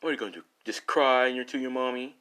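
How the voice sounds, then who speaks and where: A man's voice: mid-range voice, fast, sharp tone, clear, resonant tone, pitched above the performer's own voice, lightly acted. A man voicing a cocky male street thug who taunts and sneers. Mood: taunting.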